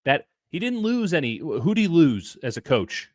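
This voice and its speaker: A man's voice: fairly high pitch, very animated, normal speed, dry recording, clean studio sound. A man co-hosting a postgame sports analysis show, blunt and emphatic, stumbling over restarts as he builds an argument. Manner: emphatic, blunt, repeats himself when revving up. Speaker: sports columnist co-host.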